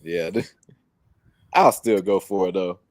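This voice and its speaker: A man's voice: low voice, unhurried, a little mellow, no echo. A young American man co-hosting a casual streamed chat, laid-back and slangy, laughing often. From United States. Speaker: co-host.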